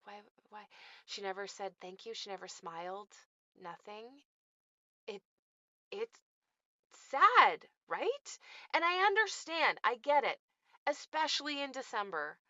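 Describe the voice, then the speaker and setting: A woman's voice: medium pitch, sharp tone, clear, resonant tone, no room sound, dull audio. A woman who owns a small shop, ranting casually to camera with exasperation, acting out bits of dialogue. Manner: exasperated, storytelling with mimicked dialogue.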